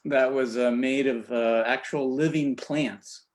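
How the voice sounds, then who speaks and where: Man, co-host, deadpan puns, halting hesitant delivery, mid-pitched voice. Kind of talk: comedic banter.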